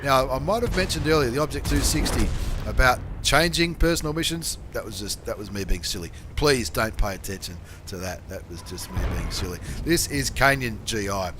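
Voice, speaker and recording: A man hosting a game channel, commentating replays in a chatty, slangy way and bursting into excited shouts and swearing. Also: medium pitch, a little fast, background noise.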